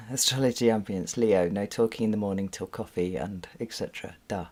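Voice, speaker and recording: A woman's voice: very deep voice, normal speed, a little mellow, husky. Chatty British woman, laughing often. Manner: chatty and rambling, laughs often, swears freely. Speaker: tarot reader hosting a live stream. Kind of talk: casual live-stream chat. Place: room at home with a window.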